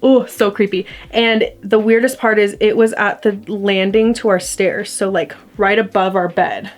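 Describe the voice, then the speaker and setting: A woman's voice: mid-range voice, level tone, normal speed, faint music behind. A young adult woman telling a ghost story to her camera in a casual, rambling way, full of fillers. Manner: chatty, rambling, heavy use of "like". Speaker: vlogger. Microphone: camera mic.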